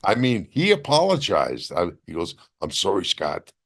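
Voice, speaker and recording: A man, a former wrestler as interview guest, telling animated stories with blunt profanity. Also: deep voice, moderate pace, gravelly. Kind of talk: casual storytelling interview.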